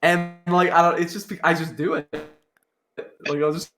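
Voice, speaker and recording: A woman co-hosting a podcast, chatting casually in a rambling, halting way. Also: fairly low pitch, flat delivery, a loud crowd. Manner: rambling, halting, laughs a lot. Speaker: podcast co-host. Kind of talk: casual chat.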